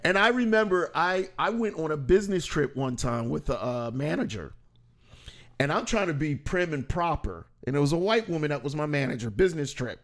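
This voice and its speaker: A man hosting a podcast, telling stories in a casual, animated way and acting out quoted voices. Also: fairly high pitch, a little fast. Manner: animated, acts out quoted voices, laughs often. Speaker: podcast host. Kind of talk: casual conversational storytelling.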